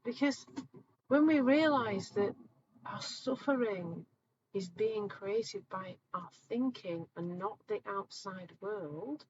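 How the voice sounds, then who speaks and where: A woman in her forties, a coach hosting a live talk, telling stories in an animated, chatty way. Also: mid-range voice, lo-fi sound, a little hiss or hum. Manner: chatty, animated storytelling, acts out voices. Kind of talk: live online talk answering viewers.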